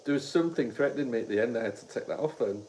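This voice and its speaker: A man from Britain in casual chat, describing what he went through in a plain, halting way. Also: medium pitch, animated, a little mellow. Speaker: experiment participant. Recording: faint background noise.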